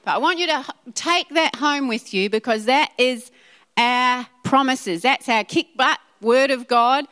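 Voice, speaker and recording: Emphatic woman preaching in an echoing hall. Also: sits high. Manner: emphatic, animated, repetitive preaching with audience asides. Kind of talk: sermon. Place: church hall. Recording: reverberant hall.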